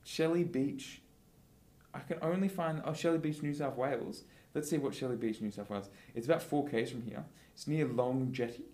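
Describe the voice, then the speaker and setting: A man from Western Australia co-hosting a podcast, chatting casually and teasing his co-host. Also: medium pitch. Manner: animated, teasing, quick to laugh. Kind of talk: casual chat.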